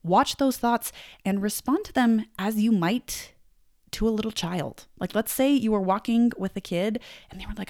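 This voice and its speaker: A woman's voice: medium pitch, normal speed, darkish tone. A young adult woman giving a conversational self-help talk, reflective and acting out bits of inner dialogue.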